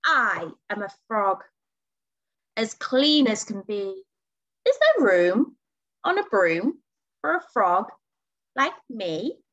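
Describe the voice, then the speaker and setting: A woman's voice: medium pitch, very animated, slow pace, long pauses, fairly bright tone, highs cut off, exaggerated voice. A woman voicing a cheerful, eager little frog in a storybook reading, asking politely to join in.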